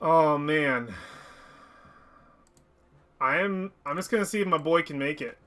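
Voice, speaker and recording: A man's voice: on the high side, measured pace, bright, forceful tone. A man streaming a story game live, reacting emotionally and reading the game text aloud, swearing and talking back to the characters.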